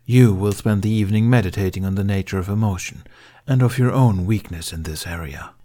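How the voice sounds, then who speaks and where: Man reading as a stern middle-aged male mentor, low voice, clipped, commanding. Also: a little fast, warm tone, close to an everyday voice.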